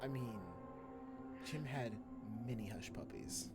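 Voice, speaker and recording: A man introducing his character in a tabletop game, talking hesitantly with pauses and trailing off quietly. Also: mid-range voice, expressive, loud music behind the voice. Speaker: player. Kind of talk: casual chat.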